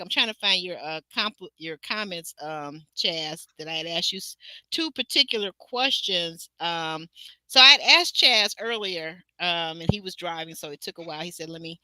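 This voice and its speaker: A woman from Detroit hosts a casual livestream recap. Her voice is very bright and the sound is dry and close. She talks in an animated, chatty way and reads viewer comments aloud. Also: on the low side, no echo. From Detroit, Michigan. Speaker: show host.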